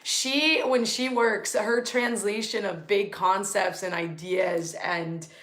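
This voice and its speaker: A woman's voice: medium pitch, steady tone, slow, fairly bright tone, echoey room. A woman co-hosting a live-stream talk, speaking in an effusive, emphatic, gushing way. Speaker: co-host.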